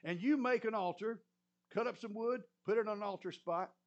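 A man's voice: sits high, moderate pace, voice pushed up. A man preaching while voicing a bold male prophet who dares and mocks his rivals, in an emphatic way on a muffled recording. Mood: challenging. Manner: mocking, emphatic.

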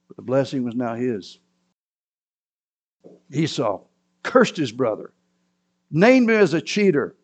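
A man's voice: mid-range voice, sing-song, slow, long pauses, slightly rough, muffled recording. A man preaching a sermon, retelling a scripture story with dramatic swings and sudden raised cries.

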